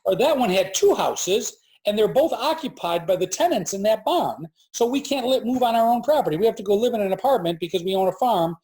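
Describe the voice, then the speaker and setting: Speaking briskly with few pauses in a high register, a man in his forties tells a story as an entrepreneur guest in a casual interview at his farm. He's an animated narrator who voices the people he quotes.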